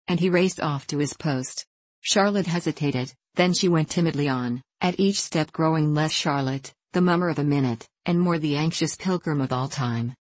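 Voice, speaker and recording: A woman narrating a classic storybook in a measured, literary way. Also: low voice, darkish tone, dry recording. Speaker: audiobook narrator. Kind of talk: storybook reading.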